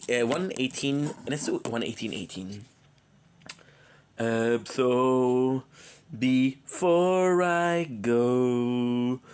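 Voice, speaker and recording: A man's voice: medium pitch, slight background noise. A tired man with a cold who streams, chatting casually and rambling with jokes to his viewers. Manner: rambling, joking. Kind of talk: casual live-stream chat.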